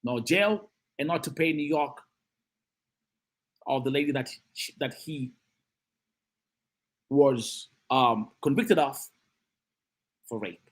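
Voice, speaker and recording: A man hosting a live-stream of political commentary, animated and emphatic, who repeats phrases and greets and reads out chat comments. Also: mid-range voice, slow, pauses often.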